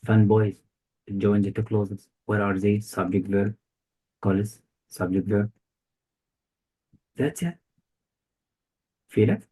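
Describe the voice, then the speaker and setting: A man's voice: lowish voice, fairly even intonation, slow pace, long pauses, dark tone, slightly rough, poor audio. A male tutor giving a one-on-one grammar lesson, quizzing his student with short repeated questions. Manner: quizzing, repetitive questions, non-native phrasing. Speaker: English test tutor.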